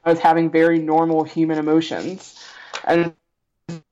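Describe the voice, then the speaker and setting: Low-voiced woman telling a blunt story. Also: monotone, normal speed, dark tone, dull audio. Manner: blunt and profane, often laughing, acts out quoted voices. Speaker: podcast guest. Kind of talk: candid personal storytelling.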